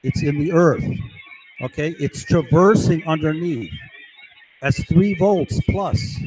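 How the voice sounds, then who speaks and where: A man ranting angrily to his viewers, swearing, shouting insults and tagging sentences with "right?" and "okay?". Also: fairly high pitch, takes it slowly, slightly rough, poor audio. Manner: agitated, repeatedly asks right and okay. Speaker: vlogger. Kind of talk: angry rant to camera.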